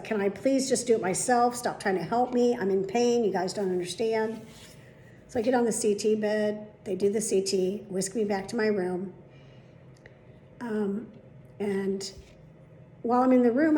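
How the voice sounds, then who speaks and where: A woman's voice: medium pitch, dark tone. A woman telling a story to camera in a blunt, indignant, heavily profane way. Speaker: video blogger. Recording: echoey room with faint background noise.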